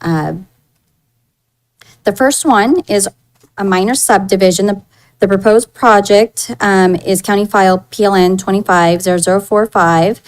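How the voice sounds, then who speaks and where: A woman's voice: medium pitch, unhurried, rough recording. A woman principal planner presenting application details at a public meeting in a businesslike way, with small fillers. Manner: businesslike, reading figures with fillers. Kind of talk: staff report at public meeting.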